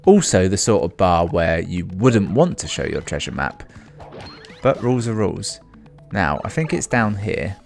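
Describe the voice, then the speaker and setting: Low, gravelly man doing game commentary. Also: big pitch swings, normal speed, soft background music. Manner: dry, self-mocking, rambling. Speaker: let's play host.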